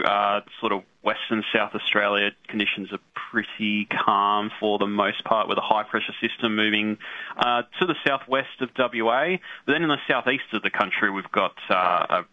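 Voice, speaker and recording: A man's voice: on the low side, no room sound, muffled recording. A male meteorologist giving a live weather briefing, with many fillers like "uh".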